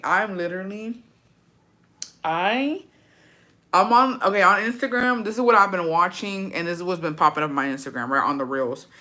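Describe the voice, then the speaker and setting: A woman chatting casually and bluntly with her viewers, swearing freely and breaking into animated outbursts. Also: deep voice. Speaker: streamer reacting to chat. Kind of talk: casual profane chat.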